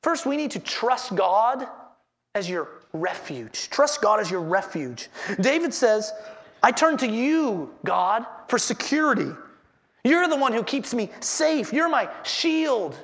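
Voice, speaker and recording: A man's voice: very high voice, very animated, takes it slowly, a bit bright. A man preaching a sermon as pastor, earnestly repeating his headings and asking the congregation questions.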